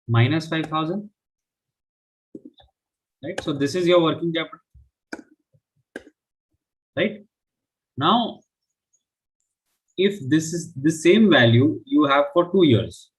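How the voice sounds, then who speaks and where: A man's voice: on the high side, fairly bright tone, poor audio. Man teaching with "right?" checks. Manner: explains step by step with frequent "right?" checks. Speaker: finance instructor. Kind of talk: live online class teaching.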